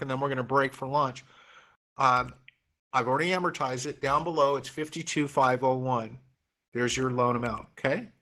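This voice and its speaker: A man's voice: mid-range voice, pushed and bright. A middle-aged man from Oregon teaching a real estate class online, coaxing students through the math with repeated, encouraging phrases.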